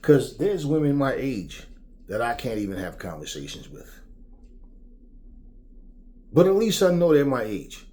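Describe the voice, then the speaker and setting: A middle-aged man hosting his own vlog, ranting profanely and rambling with animated asides. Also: medium pitch, unhurried, long pauses. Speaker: vlog host. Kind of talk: opinionated rant.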